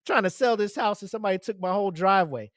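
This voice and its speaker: A podcast host talks alone in casual, rambling solo commentary, swearing a lot and filling his speech with fillers and laughter. His voice is high-pitched and rapid-fire, recorded with clean studio sound and no room sound.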